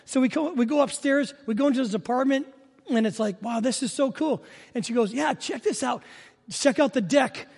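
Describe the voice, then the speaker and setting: A man's voice: very high-pitched, a little fast, gravelly, darkish tone, breathy edge, in a large hall. A man preaching a sermon as pastor, telling stories in a chatty, joking way. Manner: conversational storytelling with humor.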